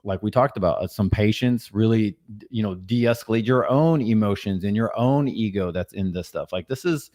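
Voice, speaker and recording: Relaxed low-voiced male podcast co-host. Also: normal speed. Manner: relaxed, thoughtful, with fillers like "you know". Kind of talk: casual podcast chat.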